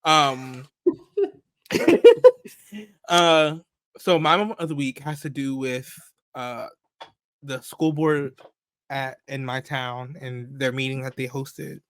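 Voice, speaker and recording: A man co-hosting a podcast in casual chat, telling stories in a playful, animated way with quick asides. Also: medium pitch, no room sound. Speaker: podcast co-host.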